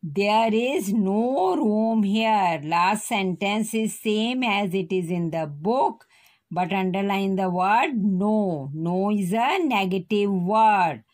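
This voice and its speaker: A woman teacher dictating a grammar lesson to young children, spelling words out slowly. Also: medium pitch. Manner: slow, deliberate dictation, spelling words out letter by letter. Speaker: school teacher.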